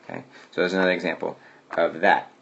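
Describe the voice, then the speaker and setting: A man's voice: deep voice, big pitch swings, fast talker, creaky, fairly bright tone, breathy edge, highs cut off. A man teaching a Spanish grammar lesson who explains patiently and keeps asking "okay?" to check understanding.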